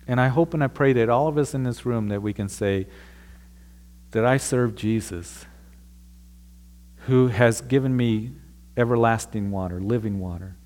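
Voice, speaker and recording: A man delivers a sermon to a church congregation, reading scripture aloud and then explaining it. His voice sits in a middle pitch, and he speaks in an earnest preaching tone. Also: normal speed, pauses often, a little mellow. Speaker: pastor. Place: church room.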